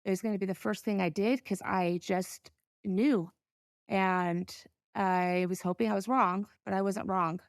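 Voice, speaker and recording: A middle-aged woman recounts a painful family story as a podcast guest. She speaks earnestly and haltingly, stopping to gather herself between phrases. Her voice sits at an ordinary pitch, and the sound is close and dry with no room echo. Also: steady tone. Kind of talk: personal storytelling.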